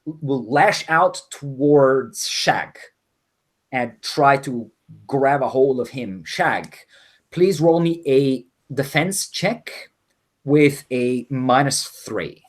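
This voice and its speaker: A man with a husky, slightly breathy voice runs a tabletop game, narrating the action and calling for rolls. He talks in a halting way, full of restarts and fillers, at a middling pitch. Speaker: game master.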